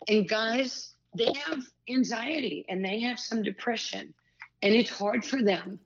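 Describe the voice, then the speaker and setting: A woman's voice: mid-range voice, unhurried, lo-fi sound. A woman in her sixties, a former pro basketball player and broadcaster, telling candid stories as an interview guest with lots of asides and restarts. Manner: animated storyteller, many asides and restarts. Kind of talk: candid storytelling conversation.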